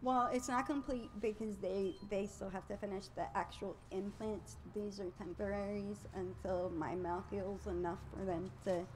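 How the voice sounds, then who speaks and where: A woman's voice: medium pitch, fairly even intonation, moderate pace, few pauses, noisy background. A woman co-hosting a podcast outdoors on a street, chatty and wisecracking in casual banter. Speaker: podcast co-host.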